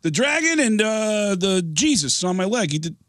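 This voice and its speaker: A man plays a hot-headed drummer who yells in a very high, strained voice. He uses choppy, broken English and stays worked up the whole time. The sound is dry and close. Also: big pitch swings, normal speed, no echo. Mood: indignant. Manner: shouting, indignant, broken phrasing.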